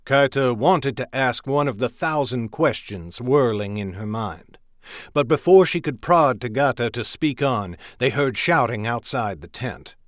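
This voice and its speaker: Guy reading a fantasy audiobook, steady mid voice, dry no room. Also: mid-range voice, unhurried, no room sound. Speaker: audiobook narrator. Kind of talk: audiobook narration.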